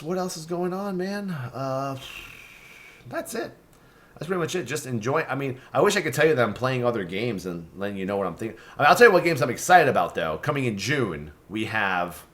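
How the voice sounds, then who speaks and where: A man's voice: on the low side, fairly bright tone. A young man hosting a casual vlog, rambling and swearing with lots of fillers and restarts. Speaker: streamer and vlog host.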